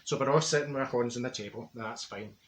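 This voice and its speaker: A man with a natural, mid-range voice speaks fast as a comedy character: a brash, chatty, gossipy woman from Glasgow, Scotland, with a Glaswegian accent. His comic monologue tells a story full of stumbles and repeated words, in a roomy echo.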